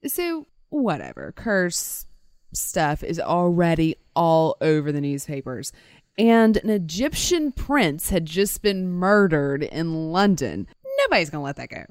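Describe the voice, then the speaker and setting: A woman's voice: lowish voice, sing-song, unhurried, a little mellow, no room sound. A woman co-hosting a podcast, telling a story in casual chat and acting out quotes with playful voices. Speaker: podcast co-host.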